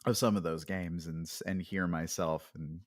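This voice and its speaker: A man's voice: deep voice, steady tone, normal speed, dry recording, studio quality. A man talking as a podcast guest in casual conversation, reflective and hesitant, with many fillers and restarts.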